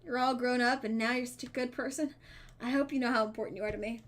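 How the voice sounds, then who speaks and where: A woman streamer reading a dating game's dialogue aloud, with playful asides and quick self-corrections. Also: on the high side, steady tone. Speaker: streamer playing a dating sim. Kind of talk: reading game text aloud with casual commentary.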